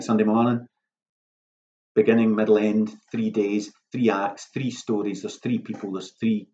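A man's voice: lowish voice, dull audio. A man, a playwright, giving casual, self-mocking writing advice in a workshop talk. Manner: lively, self-mocking, acts out lines in a hushed voice.

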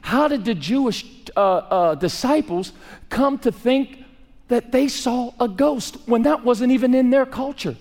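A man preaching a sermon, swinging from raised emphasis to hushed, quiet lines. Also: very high-pitched, measured pace, long reverb tail. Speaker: pastor.

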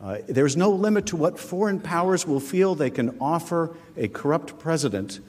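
A man's voice: a little high, animated, normal speed, a little mellow. Earnest man arguing in an echoing chamber. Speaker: prosecuting manager. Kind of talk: formal legal argument. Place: large legislative chamber. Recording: long reverb in large chamber.

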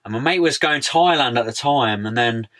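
A man's voice: medium pitch, moderate pace, bright, forceful tone. A young man chatting casually as a podcast guest, laid-back, full of slang and "mate". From United Kingdom. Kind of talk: casual interview chat.

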